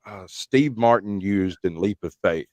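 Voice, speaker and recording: A man's voice: lowish voice, unhurried, dry recording. A man hosting a live stream in easygoing, playful casual chat. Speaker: livestream host.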